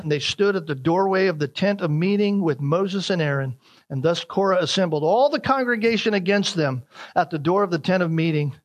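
A male preacher with a notably high voice works through a scripture passage verse by verse. He climbs higher and louder to drive points home, then slows and softens for prayerful lines. His delivery is earnest and animated. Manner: emphatic, rising in pitch and force to stress scripture, slowing on key phrases. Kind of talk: expository sermon reading scripture aloud.

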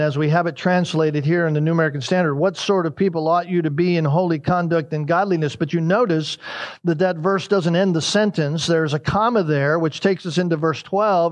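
A man preaching a verse-by-verse sermon, emphatic and repeating his key lines. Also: sits high. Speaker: pastor.

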